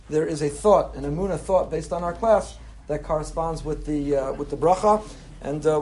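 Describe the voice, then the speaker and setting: A man's voice: on the high side, a little mellow. A man, a rabbi, giving a chatty Torah class to a live group, mixing in Hebrew terms. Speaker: rabbi teaching a weekly class. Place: room with a breakfast crowd.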